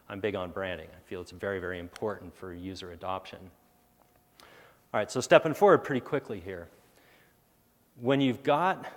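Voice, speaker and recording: A man giving a technical conference talk, with sarcastic, animated asides and a habit of thinking aloud with fillers and restarts. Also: mid-range voice. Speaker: conference presenter. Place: large conference hall. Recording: echoey conference hall.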